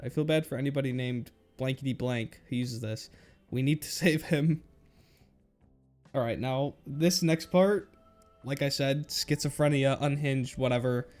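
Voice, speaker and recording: A man's voice: mid-range voice, a little mellow. A young man casually commenting on his old school slides, rambling and joking at himself with frequent laughs, recorded on a webcam. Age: young adult. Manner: rambling, self-mocking, laughs often. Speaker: YouTuber.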